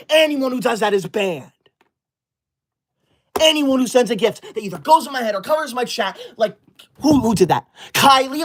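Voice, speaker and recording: A man in his twenties hosting a livestream, reading chat comments and scolding viewers like a strict teacher. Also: extremely high pitch. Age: 20s. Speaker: livestream host.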